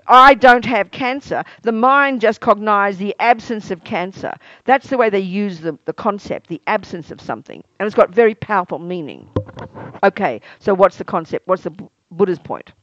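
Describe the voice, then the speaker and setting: Animated woman teaching Buddhist ideas. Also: mid-range voice, a little fast, no room sound, muffled recording. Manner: lively, asks many rhetorical questions; acts out everyday exclamations. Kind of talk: teaching a meditation course.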